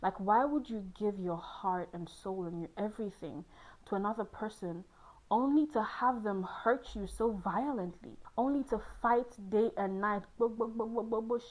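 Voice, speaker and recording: A woman's voice: mid-range voice, low-quality recording. A young woman hosting, speaking candidly and playfully about love and relationships, laughing often. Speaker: host on a hot seat. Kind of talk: candid personal talk on love.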